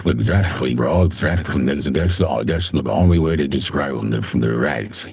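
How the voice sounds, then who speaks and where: Very deep, husky laid-back man. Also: moderate pace, darkish tone, no room sound. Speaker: streamer. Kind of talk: casual chat. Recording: dry, dull lo-fi sound.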